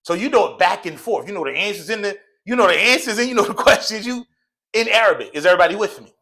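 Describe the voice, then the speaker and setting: A man's voice: sits high, animated, fast talker, bright, forceful tone. Guy teaching arabic to a class, jokey and slangy, laughs a lot, voice jumps all over. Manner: playful, joking, laughs often; slangy casual speech. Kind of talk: classroom Arabic lesson, call and response. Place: mosque classroom.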